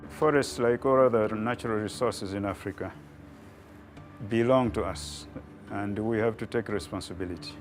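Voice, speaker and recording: A man interviewed for a documentary, speaking earnestly and deliberately, with small slips. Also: fairly low pitch, faint music behind.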